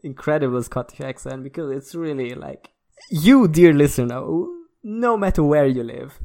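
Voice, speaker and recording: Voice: medium pitch, expressive, moderate pace, darkish tone. A podcast co-host in a teasing casual chat, recording from a separate studio. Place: own home recording studio.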